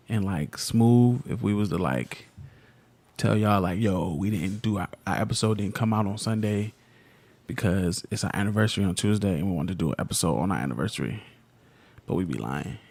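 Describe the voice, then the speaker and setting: A man's voice: lowish voice, normal speed, a little mellow. A man in his thirties co-hosting a podcast with his wife, telling stories in a laid-back, slangy way. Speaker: podcast co-host. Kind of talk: casual couple chat.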